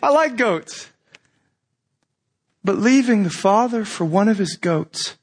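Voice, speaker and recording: A man preaching a sermon as pastor, conversational and animated, often asking rhetorical questions. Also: sits high, slow pace, breathy edge.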